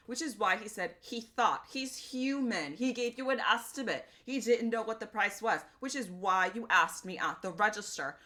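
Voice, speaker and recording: A woman streamer chatting casually and telling stories in an animated, profane way. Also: medium pitch, normal speed, few pauses. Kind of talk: casual livestream chat.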